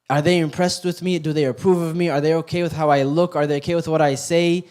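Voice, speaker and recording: Guy giving a youth halaqa talk, kinda high voice, cracks jokes then gets quiet n serious. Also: fast talker, few pauses. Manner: joking, animated storytelling, then quiet and earnest. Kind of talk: sermon to youth. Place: youth center hall.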